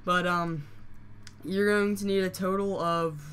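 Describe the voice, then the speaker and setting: A hoarse game tutorial host who is losing their voice, explaining steps casually with fillers and frequent self-corrections. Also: mid-range voice, steady tone, unhurried, background noise. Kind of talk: casual screen-recorded tutorial.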